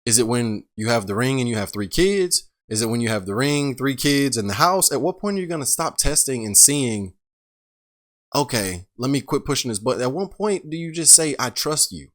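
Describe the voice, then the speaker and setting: A man's voice: medium pitch, expressive, brisk, hardly any pauses. Guy reacting to a podcast clip, blunt, keeps asking rhetorical questions. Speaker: reaction host. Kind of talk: casual commentary on a clip.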